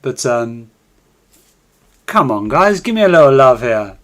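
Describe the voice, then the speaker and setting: A man talks through a live stream in a chatty, self-mocking way, keeping the patter going and coaxing his viewers to join in. His voice sits at an ordinary middle pitch for a man. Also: sing-song, a little slow. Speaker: trading live-stream host. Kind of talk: casual live-stream chat.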